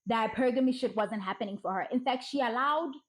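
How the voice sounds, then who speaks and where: A woman giving blunt, profane commentary, ranting emphatically and mocking others in put-on soft voices. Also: fairly high pitch, fast, rough recording. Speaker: social commentary vlogger.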